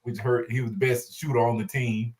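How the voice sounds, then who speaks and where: A man talking sports on a panel, relaxed and rambling with many filler phrases. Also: medium pitch, brisk, a loud crowd. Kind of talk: casual sports chat.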